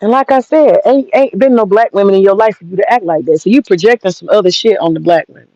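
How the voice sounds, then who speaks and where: A woman's voice: mid-range voice, fast, warm tone, no room sound, dull audio. Blunt, profane woman ranting from her garden. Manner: blunt, profane, rambling, talks straight to viewers. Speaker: vlogger giving commentary. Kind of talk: casual rant to viewers. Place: outdoor garden.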